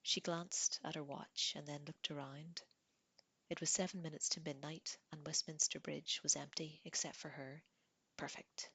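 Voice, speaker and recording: A woman narrating a book chapter aloud in a calm, measured way. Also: deep voice, gravelly, husky, no echo. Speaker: audiobook reader. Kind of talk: audiobook narration.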